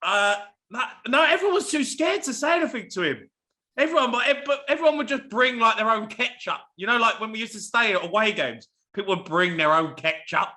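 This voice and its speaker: Bright, blunt ex-footballer man. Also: high voice, lively intonation, fairly quick. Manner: blunt, swearing, laddish banter. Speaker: former footballer, podcast guest. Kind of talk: casual chat.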